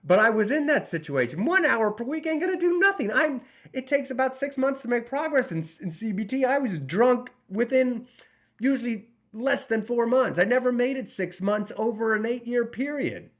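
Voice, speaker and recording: A man's voice: extremely high pitch, animated, normal speed. A man in his forties, talking straight to camera as a recovery coach, blunt and profane, with many restarts. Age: 40s. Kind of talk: casual direct-to-camera talk.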